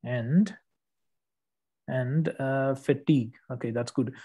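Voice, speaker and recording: A man's voice: medium pitch, slow, mellow, breathy edge. A man tutoring one student, correcting written work patiently and checking understanding often. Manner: patient, explanatory, frequent "okay" checks. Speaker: English test tutor.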